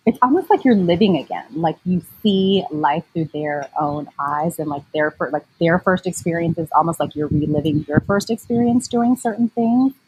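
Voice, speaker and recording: A woman's voice: fairly low pitch, normal speed, hardly any pauses, darkish tone, slight background noise, poor audio. A woman in her forties, a mom blogger, chatting casually as an interview guest with lots of fillers and easy laughter. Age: 40s.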